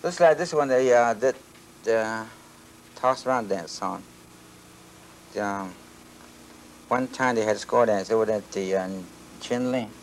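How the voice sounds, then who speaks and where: An older Navajo man, a traditional singer whose first language is Navajo, answers interview questions in halting, restarting English. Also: lowish voice, a little hiss or hum. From Navajo Nation. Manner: halting, searching for words, many restarts. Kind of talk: archival interview.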